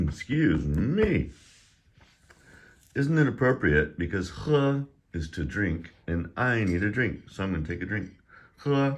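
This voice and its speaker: A middle-aged man teaching a casual online Chinese lesson, chatty and joking, who drills syllables louder and higher while his voice gets tired. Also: lively intonation, a little slow. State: voice getting tired.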